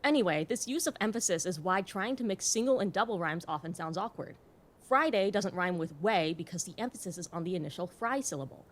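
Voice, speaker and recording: A woman hosting an educational video, narrating from a script in a clear, explanatory way with the occasional wry aside. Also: lowish voice, expressive, fairly quick. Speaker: host.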